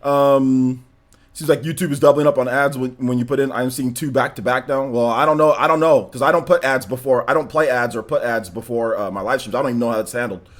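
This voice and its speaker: A young man hosting a casual live stream, rambling loosely and rattling off quick shout-outs to viewers. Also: mid-range voice, steady tone.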